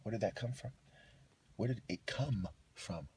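A man delivering a rambling, combative monologue, swinging between loud outbursts and low muttering, preachy and full of profanity. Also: measured pace, slight background noise. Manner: heavy profanity, slangy. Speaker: vlogger.

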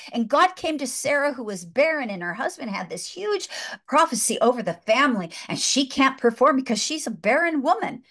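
A woman's voice: high-pitched, fairly bright tone. A woman author speaking as a guest in a faith-based podcast interview, with an impassioned, preacher-like delivery, often repeating and restarting phrases as she builds her point. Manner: emotional, near tears at moments.

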